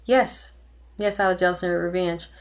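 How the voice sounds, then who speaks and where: A woman's voice: fairly low pitch, fairly even intonation, moderate pace. Earnest woman giving a psychic reading. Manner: earnest, emotional, repeats herself; close to tears at times. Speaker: tarot reader and psychic. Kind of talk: live-streamed spiritual reading.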